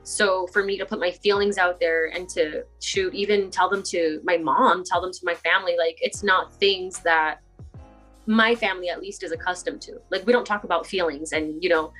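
A woman's voice: fairly low pitch, steady tone, moderate pace, a bit bright, faint music behind. A woman talking casually as an interview guest, chatty and laughing often. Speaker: guest poet.

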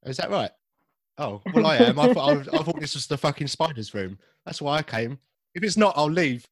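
A man's voice: fairly high pitch, very animated, a little fast, voice pushed up. A man voicing a swaggering, crude male vampire with a put-on Cockney accent. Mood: cocky. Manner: brash, crude, loud.

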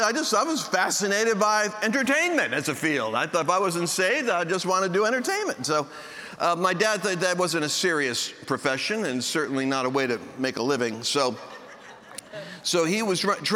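A high, sharp-toned male voice preaches to a live audience in a large meeting hall. Telling jokes, he acts out the voices of people in his stories, and the recording has long hall reverb with faint noise behind it.

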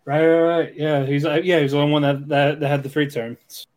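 A man's voice: on the high side, flat delivery, brisk, darkish tone. A man co-hosting an anime podcast, chiming in with short agreements and asides in casual chat. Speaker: podcast co-host.

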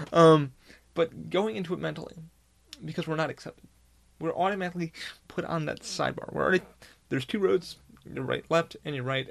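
A man with a gravelly, fry-laden voice pitched a little high for a man talks through a loose, unscripted podcast monologue. He rambles, restarts and swears freely, keeping it candid and personal. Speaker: podcast host. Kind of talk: casual monologue.

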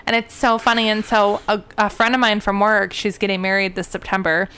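A woman's voice: medium pitch, little pitch movement, brisk, sharp tone, clear, resonant tone. A young adult woman co-hosting a casual chat, telling stories animatedly, swearing freely and mimicking sounds.

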